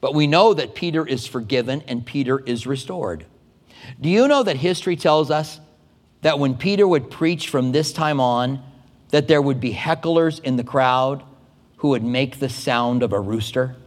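A man preaching as a pastor, telling stories in a conversational, animated way with quick asides. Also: mid-range voice. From United States. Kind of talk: sermon. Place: church sanctuary. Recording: long hall reverb.

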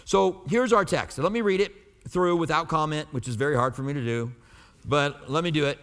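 A man's voice: fairly high pitch, a little fast, a bit bright, smooth, in a large hall. A man preaching a sermon as a pastor. He teaches from the Bible in an emphatic, conversational way.

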